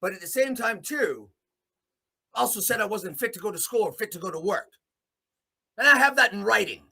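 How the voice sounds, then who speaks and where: Fiery profane man ranting, raspy and gravelly. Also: on the high side. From Alberta, Canada. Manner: profane, defiant, swings between muttering and shouting. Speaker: host. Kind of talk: angry podcast rant. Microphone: podcast mic in a small room.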